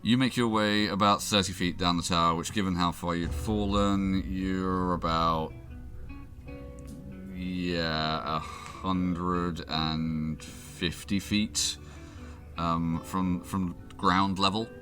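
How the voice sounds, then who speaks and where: Man, game master, low bright voice, lively, rambling; faint music behind. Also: slow pace. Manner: rambling, lots of fillers and laughs. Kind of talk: narrating a tabletop game.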